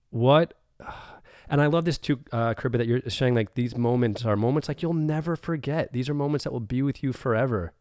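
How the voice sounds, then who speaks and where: Give me an enthusiastic male podcast host with a smooth voice and a dry recording. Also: medium pitch, a little mellow, no echo. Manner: enthusiastic, affirming, uses "man" and "like". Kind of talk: casual interview chat.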